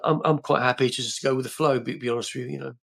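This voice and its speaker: A man's voice: medium pitch, fairly even intonation, vocal fry, a bit bright. Older man telling rambling anecdotes. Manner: rambling, halting with many fillers and restarts. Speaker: podcast guest, film actor. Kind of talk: casual interview storytelling.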